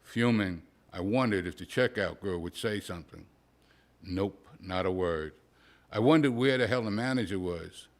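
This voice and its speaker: A man, a poet at a live reading, reading a humorous prose story aloud in a dry, wry, deadpan way. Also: fairly low pitch. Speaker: poet reading his work.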